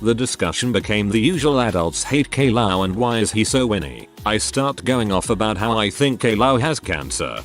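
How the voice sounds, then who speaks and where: A man narrating online anecdotes in a steady, scripted storytelling delivery. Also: on the low side, normal speed, hardly any pauses, soft background music. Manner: reads first-person anecdotes aloud in a steady storytelling delivery.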